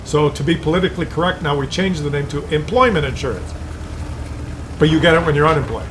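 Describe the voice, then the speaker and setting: A man's voice: on the high side, lively intonation, fast talker, noisy background. A man from Canada rambling and chuckling through a story while commenting on a game replay. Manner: rambling, chuckling, mock voices for others. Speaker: gameplay commentator. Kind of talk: casual storytelling over gameplay.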